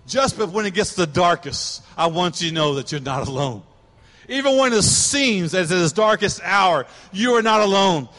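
A man's voice: high voice, a bit bright, in a large hall. A man preaching a sermon, emphatic and repetitive, swelling to passionate cries. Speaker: pastor.

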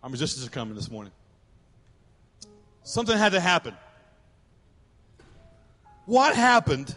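Animated high-voiced preacher in a reverberant hall. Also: male voice, measured pace, soft background music. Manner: animated preacher acting out voices of God and Pharaoh. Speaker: pastor. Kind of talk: sermon. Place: church sanctuary. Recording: church hall with long reverb.

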